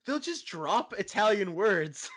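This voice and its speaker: A man's voice: high voice, a little slow. Chatty man laughing through fan talk. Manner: animated, swearing, laughing, mimicking characters. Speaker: podcast co-host. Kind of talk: casual fan chat.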